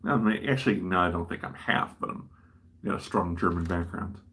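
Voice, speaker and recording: Low, bright-voiced man chatting. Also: moderate pace, breathy edge. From American Midwest. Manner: rambling, self-deprecating. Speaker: livestream host. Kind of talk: casual chat while building a model.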